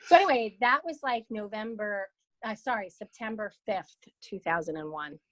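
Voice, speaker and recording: A lively woman of around fifty tells a story as an interview guest, speaking casually and swearing now and then. Her voice sits at a medium pitch. The sound is dry and close, with no room echo. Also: normal speed. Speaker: guest, founder and CEO of a broker-dealer.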